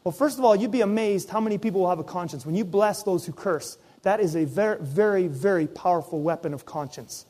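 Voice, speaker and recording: A middle-aged man preaching from the pulpit as pastor, his voice sitting high for a man. He tells personal stories with energy, acting out his own inner voice and the other people in them. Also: fairly quick, few pauses. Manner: animated storytelling, acts out his own inner voice. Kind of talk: sermon.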